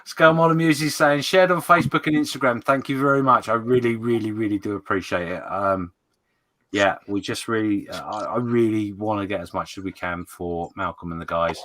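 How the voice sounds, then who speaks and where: A man hosting a casual livestream, chatty and quick to laugh as he reads out viewer comments. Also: on the low side, fairly bright tone, dry recording. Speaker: livestream host.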